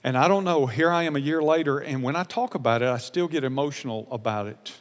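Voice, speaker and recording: Earnest pastor preaching in a reverberant hall. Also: male voice, mid-range voice, fast talker. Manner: earnest, emotional, repeats phrases, dynamic swings from loud to soft. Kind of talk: sermon.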